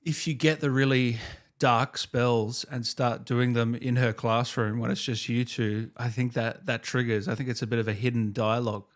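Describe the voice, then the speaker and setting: A man in his thirties hosts a casual interview in an easygoing, enthusiastic way. His voice sits at an ordinary mid pitch. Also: level tone, moderate pace, hardly any pauses. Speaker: podcast host.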